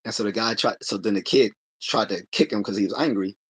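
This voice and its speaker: Livestream host, male, low husky voice, relaxed talky delivery with lots of restarts. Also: fairly quick, dry recording. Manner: conversational, laughs often, many restarts. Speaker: livestream host answering chat. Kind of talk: casual livestream chat.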